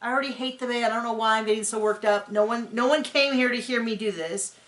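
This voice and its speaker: A woman hosting a casual reaction show. She talks in an animated, sarcastic way and often mimics people. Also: a little high, quick pace. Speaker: podcast host recapping a reality show. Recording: roomy home room.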